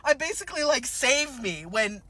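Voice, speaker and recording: A vlogger telling a story to camera in an animated, expressive way, acting out scenes, laughing and swearing. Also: sits high, moderate pace.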